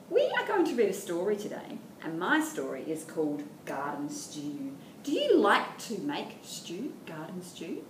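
A woman's voice: mid-range voice, sing-song, a little slow, hardly any pauses, recorded from a distance. A woman with an Australian accent leading a toddler storytime, singing rhymes and reading a picture book in an encouraging, sing-song way. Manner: sing-song, encouraging, talking to small children. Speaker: children's librarian. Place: library room. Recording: echoey room, faint background hum.

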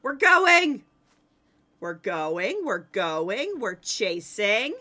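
A woman streaming a game live, commenting excitedly to her chat and teammates. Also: mid-range voice, very slow.

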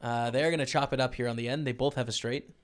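A man's voice: medium pitch, fairly even intonation, quick pace. A man casually talking to his viewers over a poker broadcast, rambling and chatty.

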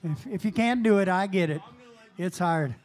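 A man's voice: sits high, normal speed, a little mellow. A man emceeing a live bar stage into a handheld mic, joking loosely and calling people up. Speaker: emcee of a jam. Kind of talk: casual stage banter.

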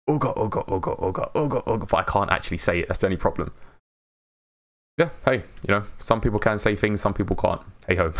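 British guy streaming a game, deep gravelly voice, mumbly and slurry, chuckles a lot. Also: fairly bright tone. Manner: mumbles and slurs words, laughs often. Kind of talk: casual live-stream chat while playing.

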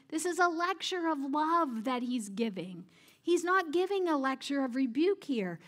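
A woman with a high-pitched voice delivers a sermon. She speaks informally, turns questions back to her listeners, and laughs easily at her own jokes. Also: fairly bright tone. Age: adult parent. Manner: conversational, asks the audience questions. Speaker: preacher.

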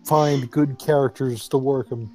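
A man's voice: medium pitch, fairly even intonation, a little slow, a little mellow, soft background music. A man co-hosting a game let's play, rambling and joking in casual chat. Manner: rambling, joking, fillers and restarts.

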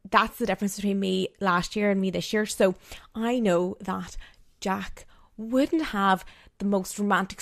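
A woman's voice: medium pitch, no echo, clean studio sound. A young woman hosting a casual solo podcast, chatting with lots of fillers and acting out quoted lines. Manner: chatty, frequent "like" fillers, acts out quoted dialogue. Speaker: podcast host.

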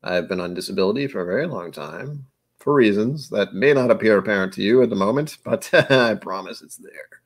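This livestream host is an American man in his forties, chatting casually and rambling through jokes punctuated by frequent chuckles. He speaks with a lowish, breathy-edged voice, lively intonation, and a fairly quick pace.

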